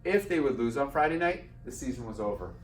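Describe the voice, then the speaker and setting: A man giving a lively personal storytelling talk to an audience, acting out the dialogue. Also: medium pitch, fast. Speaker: speaker. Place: event hall. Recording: roomy sound from a distant mic.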